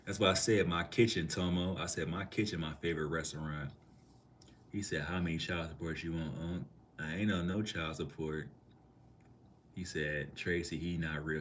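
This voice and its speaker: Deep-voiced laid-back male streamer from Minneapolis. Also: fairly even intonation, normal speed, slight background noise. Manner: laid-back, slangy, answers chat comments. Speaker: live streamer. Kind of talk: casual live-stream chat.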